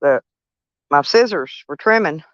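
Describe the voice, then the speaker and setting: A woman's voice: low-pitched, animated, a little slow, fairly bright tone, no echo, dull audio. An older woman, chatting casually and bluntly in a vlog while she scolds and swears. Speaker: van life vlogger.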